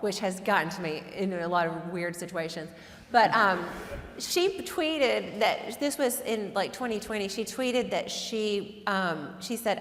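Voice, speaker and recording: A woman's voice: medium pitch, fairly bright tone. Chatty woman storyteller in echoey hall. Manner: chatty, self-deprecating, laughs often. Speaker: guest lecturer and author. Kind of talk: conversational storytelling lecture.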